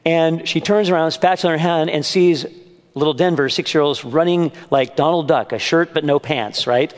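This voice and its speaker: A man's voice: on the high side, a little fast. An older man preaching to a men's gathering at church, earnest and mixing in humorous family stories. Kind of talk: sermon. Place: church meeting room. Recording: long hall reverb.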